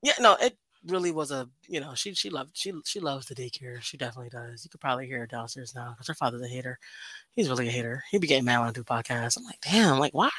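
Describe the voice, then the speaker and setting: A woman's voice: extremely low pitch, expressive, fast talker, pushed and bright, dry recording. A young woman hosting a podcast in casual chat, telling stories animatedly and acting out quotes. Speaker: podcast host.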